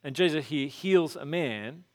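A man's voice: fairly high pitch, unhurried. A man giving a casual, conversational sermon, telling stories and acting out quotes. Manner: casual, animated storytelling with acted-out quotes. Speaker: pastor.

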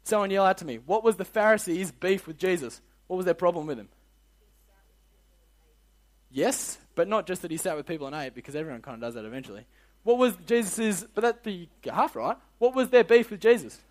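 Young man, Australian accent, youth Bible lesson, high voice, animated, slangy, energetic. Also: brisk. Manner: energetic, slangy, quizzes the audience. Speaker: youth leader.

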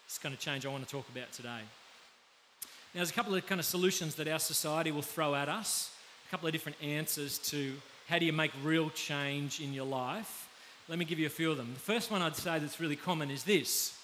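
A man with an Australian accent preaching a conversational sermon, often pausing to check in with his listeners. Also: fairly high pitch, bright, forceful tone. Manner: conversational, pauses to ask the audience. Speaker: pastor. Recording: faint background hiss.

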